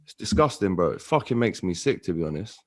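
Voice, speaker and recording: A man's voice: deep voice, big pitch swings, fast talker. A man from London giving a heated, ranting take as a guest in a casual chat.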